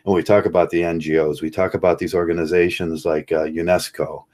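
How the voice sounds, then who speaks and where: Speaking a little fast in a low, level, slightly mellow voice, a vlogger delivers a casual, rambling rant. His monologue is sarcastic, frequently broken by chuckles and restarted sentences.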